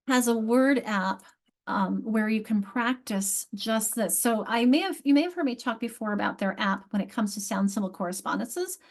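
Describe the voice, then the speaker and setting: A woman presenting a teacher training session on reading and spelling, explaining step by step with frequent restarts and questions to her audience. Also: medium pitch. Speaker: literacy workshop presenter.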